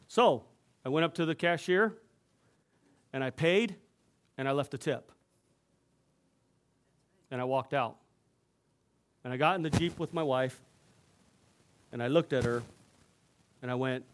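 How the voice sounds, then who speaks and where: A man's voice: mid-range voice, moderate pace, pauses often. A male pastor preaching to his congregation in a church, telling a personal story in a conversational way and often checking in with his listeners.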